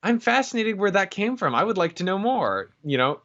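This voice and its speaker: A man's voice: high voice, sing-song, fairly quick, a bit bright. A man co-hosting a podcast in casual chat, wry, playful and thoughtful. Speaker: podcast co-host. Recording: dull lo-fi sound.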